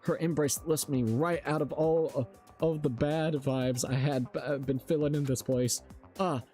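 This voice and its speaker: A man's voice: fairly high pitch, steady tone, moderate pace, warm tone, faint music behind. A young man livestreaming and reading a story aloud in a loose, slangy way, often stumbling over words. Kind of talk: casual stream chat and reading aloud.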